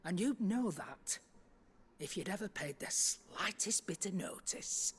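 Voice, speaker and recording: A woman's voice: mid-range voice, animated, unhurried, close to an everyday voice. An actress playing a prickly, proud older merchant woman, blunt and indignant. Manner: blunt, indignant, sharp-tongued.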